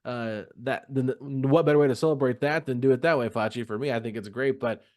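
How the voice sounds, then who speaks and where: A man's voice: medium pitch, fairly quick, darkish tone. A man co-hosting a sports podcast in casual chat, playfully teasing and needling his co-host.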